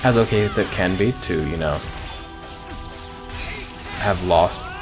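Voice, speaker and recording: A man's voice: low voice, slow. A man casually commenting on a video game, rambling with crude jokes. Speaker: let's player. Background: game music.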